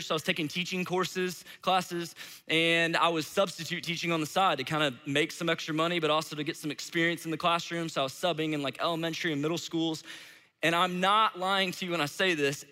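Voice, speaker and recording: Bright high-voiced man preaching casually. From Saint Louis, Missouri. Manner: casual, chatty, heavy use of "like". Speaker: pastor. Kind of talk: sermon. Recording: long hall reverb.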